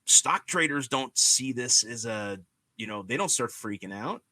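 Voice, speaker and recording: A man hosting a podcast, talking in an animated, ranting way and leaning on "you know" and "guess what". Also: mid-range voice, measured pace, no echo. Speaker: podcast host. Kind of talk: casual chat.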